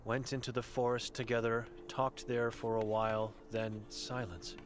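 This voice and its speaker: A man's voice: mid-range voice, little pitch movement, normal speed, faint music behind, lightly acted. A man reading the chalkboard words of an old blind, mute woman in a game, in terse, broken phrases. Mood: cryptic.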